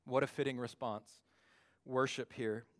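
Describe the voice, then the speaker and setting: A man preaching a sermon to his church, acting out the voices he quotes with big swings in pitch and loudness. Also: steady tone, unhurried. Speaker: pastor.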